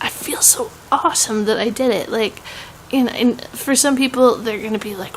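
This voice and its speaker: A woman's voice: on the high side, normal speed, few pauses, a little hiss or hum, low-quality recording. A young woman with a Southern US accent, chatting casually in a home vlog, rambling with many "um"s and laughs. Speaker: vlogger.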